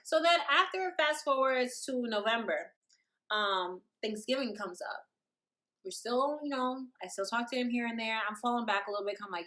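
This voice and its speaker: A young woman telling a storytime vlog story in an animated, dramatic, slangy way. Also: fairly high pitch, a little slow, long pauses. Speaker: vlogger.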